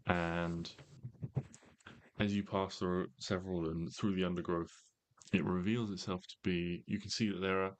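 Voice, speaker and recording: A man serving as game master, narrating a tabletop game in a measured way with frequent ums and pauses. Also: sits low, flat delivery.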